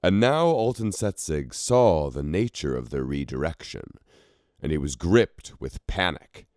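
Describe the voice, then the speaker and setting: Deep-voiced man narrating a fantasy story. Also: sing-song, unhurried, a little mellow, dry recording, studio quality.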